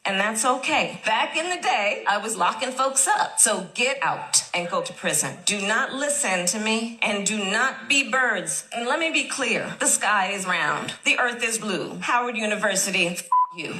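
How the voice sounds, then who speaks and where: A woman doing a mock impression of a giddy, rambling woman politician, talking slowly and breaking into cackling laughter. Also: mid-range voice, expressive, bright, forceful tone. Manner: slow, silly, cackling laughter.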